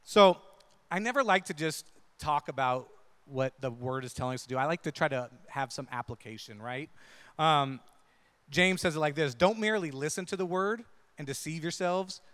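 High bright-voiced man preaching. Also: animated, normal speed, clean tone, long reverb tail. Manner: conversational, asks the crowd "right?" often. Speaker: pastor. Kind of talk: sermon.

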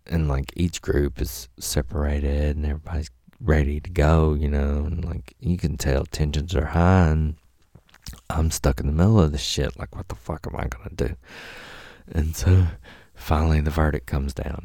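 A man tells a rambling, profane story in a casual way and acts out the people in it. His voice is very low and gravelly, with a dark, mellow tone. The recording is close and dry. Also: moderate pace, no echo.

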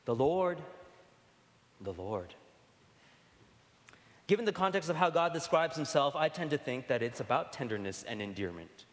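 A man preaching a sermon in a conversational way, asking rhetorical questions and dropping to soft, tender tones. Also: a little high, fast talker, few pauses. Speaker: pastor. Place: church sanctuary. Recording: long hall reverb.

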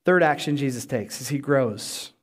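A man preaching a sermon as pastor, animated and voicing the people in the story as he goes. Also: medium pitch, normal speed. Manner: animated preaching, voices Bible characters.

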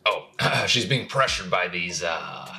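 Deep, slow, halting podcast man. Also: very animated, pushed and bright. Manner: hesitant, many fillers and throat clearing. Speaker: podcast co-host. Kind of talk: casual chat.

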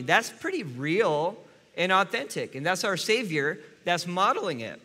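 Male pastor, earnest sermon, bright tense tone, long hall reverb. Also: high voice, animated, moderate pace. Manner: earnest, addresses listeners directly.

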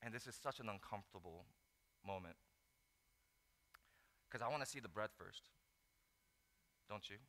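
A man preaching a sermon, telling the story with lively acted-out asides. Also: lowish voice, normal speed, long pauses. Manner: animated storytelling, acts out disciples in mock voices. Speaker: pastor. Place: large hall. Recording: echoey hall.

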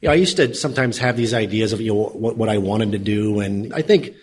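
A man speaking as a podcast guest in a casual interview, halting and restarting often, full of "you know" fillers. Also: fairly low pitch, breathy edge. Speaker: podcast guest, energy company co-founder.

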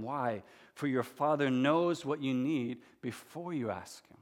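A man's voice: medium pitch, slow pace. Man preaching in a reverberant hall. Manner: conversational preaching with asides and restarts. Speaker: pastor. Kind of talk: sermon with scripture reading.

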